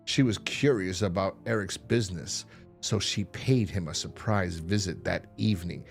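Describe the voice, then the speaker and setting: A man's voice: low voice, moderate pace, vocal fry, soft background music. A man hosting a show, reading a comic aloud and commenting in a chatty, amused way, with fillers and restarts. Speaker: host.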